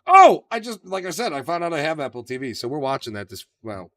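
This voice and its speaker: A man co-hosting a casual podcast chat, profane and animated, acting out quotes in his stories. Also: on the high side, fast talker, no room sound, clean studio sound. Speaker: podcast co-host.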